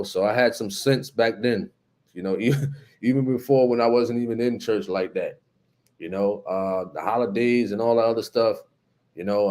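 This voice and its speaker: A man's voice: mid-range voice, darkish tone. A man from New Jersey with a New Jersey accent, hosting a casual live-stream chat, reading out viewer comments in a laid-back way. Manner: reads out viewer comments and greets viewers by name, laid-back, many fillers.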